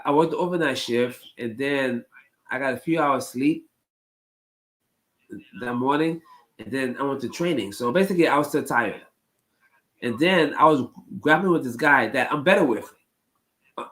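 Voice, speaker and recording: A man's voice: medium pitch, fairly bright tone, low-quality recording. A man casually telling a long story to his live chat, rambling and repeating phrases, with plenty of ums. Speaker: streamer talking to chat.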